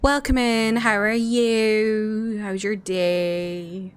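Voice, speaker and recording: A woman's voice: medium pitch, fairly even intonation, very slow, smooth. A young woman streaming a game, chatting with viewers in a bubbly, casual way, full of likes and laughs. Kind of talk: casual chat.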